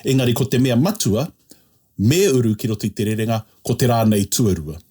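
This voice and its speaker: A man's voice: mid-range voice, lively intonation, fast, dark tone, slightly rough. A man tutoring a language lesson, explaining patiently step by step and checking in often.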